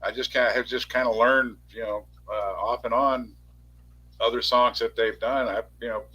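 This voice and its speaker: A man's voice: lowish voice, pushed and bright, slightly rough, rough recording. A middle-aged man in casual livestream chat, rambling and correcting himself as he talks. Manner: rambling, self-correcting storyteller.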